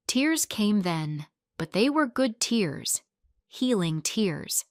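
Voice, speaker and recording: A woman calmly narrating a first-person drama story in a measured way. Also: medium pitch, dry recording, clean studio sound.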